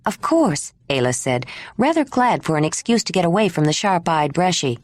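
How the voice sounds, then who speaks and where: A woman reads an audiobook aloud with a low, animated voice. The sound is dry and close. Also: fairly quick, no room sound. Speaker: audiobook narrator. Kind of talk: scripted narration.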